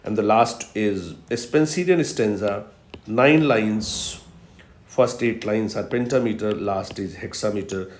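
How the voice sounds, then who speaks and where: A man giving a recorded literature lecture, explaining patiently and repeating key terms slowly for emphasis. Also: lowish voice. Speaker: literature professor. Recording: roomy echo.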